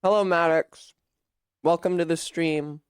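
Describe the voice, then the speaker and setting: Man, streamer, casual chat, slightly high voice, dry close sound, self-deprecating, occasional coughs. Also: steady tone, unhurried, clean tone, no echo. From Rhode Island. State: coughing fits.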